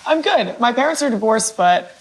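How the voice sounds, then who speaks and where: A woman's voice: a little high, expressive, normal speed, poor audio. Young woman, laughing and blunt. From Boston area. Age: young adult. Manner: upbeat, laughs easily, blunt. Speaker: guest. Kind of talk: casual chat.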